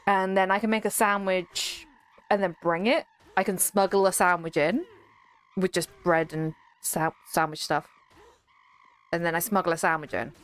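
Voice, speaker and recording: A woman's voice: on the low side, steady tone, normal speed. A young woman streaming, chatting casually with her live chat in a rambling, giggly way.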